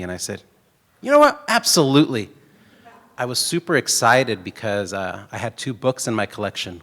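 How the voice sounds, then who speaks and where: A middle-aged man telling stories from a conference stage, joking and rambling as he goes. His voice sits fairly low, with a bright, forceful edge. The sound rings with the long reverb of a large hall. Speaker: keynote speaker. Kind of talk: conference keynote talk.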